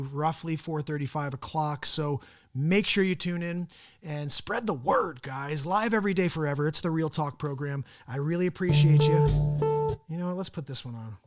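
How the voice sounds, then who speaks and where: A man with a somewhat high voice hosts a casual live stream. He rambles from one thought to the next, chatty and relaxed, and chuckles often. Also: normal speed, faint music behind. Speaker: host of a daily live talk show.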